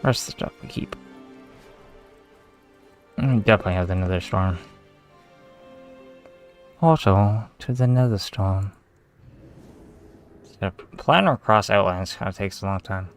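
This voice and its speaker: Low-voiced man muttering through gameplay. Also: unhurried, pauses often, faint music behind. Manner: mutters to himself, swears often, easily aggravated. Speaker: gamer streamer. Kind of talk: casual gameplay commentary.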